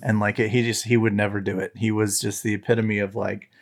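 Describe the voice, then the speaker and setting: Man, podcast guest, gravelly, rambling, casual reminiscing. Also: on the low side, flat delivery, brisk. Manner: rambling, filler-heavy storytelling. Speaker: podcast guest, tech site founder.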